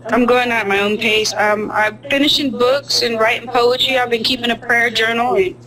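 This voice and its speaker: A woman talking about herself in a halting way, searching for words. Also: on the high side, fairly even intonation, sharp tone, rough recording. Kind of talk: casual conversation.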